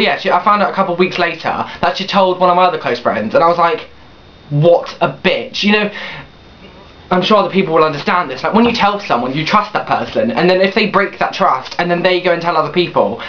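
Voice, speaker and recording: Expressive and high-pitched, this late-teen vlogger talks fast with hardly any pauses. He rambles through a confessional story, restarting often and swearing bluntly, over a dull lo-fi webcam recording.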